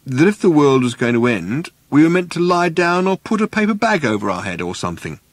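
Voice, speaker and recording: A man's voice: on the high side, big pitch swings, a little fast, dry recording, pitched above the performer's own voice. A man voicing a slightly drunk pub drinker who rambles in a raised voice. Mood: befuddled. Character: tipsy middle-aged man at a pub.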